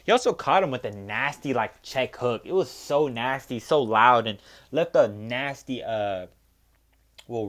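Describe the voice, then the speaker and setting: A young man hosting a casual solo fight recap, talking in profane, heated rants full of fillers. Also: lowish voice. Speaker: MMA recap host.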